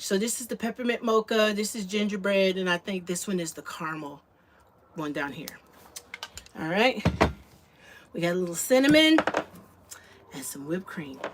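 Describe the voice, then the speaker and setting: A woman talks to her viewers in an easy, chatty way while she makes a drink in her kitchen. She sounds a little out of breath. There is a noisy background under her voice. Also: medium pitch. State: slightly out of breath. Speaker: vlogger. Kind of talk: casual livestream chat. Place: home kitchen. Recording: noticeable background noise.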